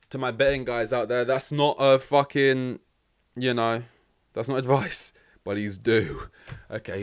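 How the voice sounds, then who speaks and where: Young male podcast host, excitable and rambling, swears a lot, casual race chat. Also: mid-range voice, clear, resonant tone. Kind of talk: casual race reaction commentary.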